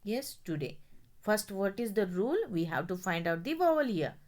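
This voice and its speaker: An English teacher with a mid-range, slightly mellow voice gives a classroom grammar lesson at normal speed, sounding very animated. She explains step by step, spells words out letter by letter, and keeps checking that the class is following.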